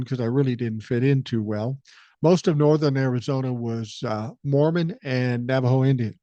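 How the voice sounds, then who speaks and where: A man's voice: medium pitch, normal speed, mellow, no room sound, muffled recording. A man in his sixties from the American Midwest, hosting a podcast and telling a story in a blunt, profane, laid-back way. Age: 60s. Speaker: podcast host. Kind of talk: casual storytelling monologue.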